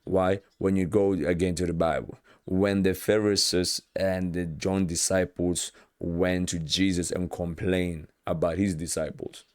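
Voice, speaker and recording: Low-voiced guy preaching, acts out the bible bits, dry close sound. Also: a little slow, hardly any pauses, clean tone, no echo. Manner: animated, acts out Bible scenes with quoted voices, repeats words. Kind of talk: informal sermon.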